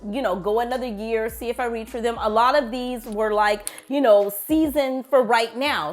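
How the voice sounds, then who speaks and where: Woman vlogger, chatty, higher voice, talks to viewers like girlfriends. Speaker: beauty vlogger. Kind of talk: casual chat to viewers.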